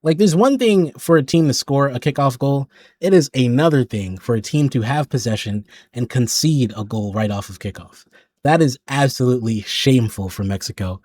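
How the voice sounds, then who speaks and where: Man, football recap host, animated and opinionated, mid-pitched voice, dry close sound. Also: moderate pace, no room sound. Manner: animated, opinionated, sometimes exasperated. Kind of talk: casual match recap.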